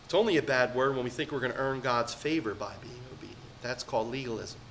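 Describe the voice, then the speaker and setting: A middle-aged male pastor delivers a sermon in a bright, forward voice at an ordinary pitch. He swings from loud, emphatic peaks to quiet asides. A faint hum sits under the recording. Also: fast.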